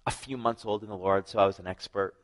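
A man preaching a sermon, telling his own story with lively acted-out dialogue and frequent drops to a hushed voice. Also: fairly low pitch, a little fast, low-quality recording. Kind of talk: sermon with personal testimony.

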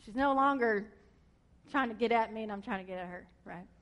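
A woman police officer tells her testimony to an audience, speaking in a high voice. She talks colloquially and animatedly, often poking fun at herself. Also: a little fast, dull audio. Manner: animated, colloquial, self-mocking. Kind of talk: storytelling testimony.

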